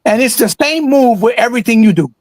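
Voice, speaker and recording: A man's voice: very high voice, expressive, fast, no echo, rough recording. A man co-hosting a casual gaming chat, ranting and swearing in exasperation. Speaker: podcast co-host.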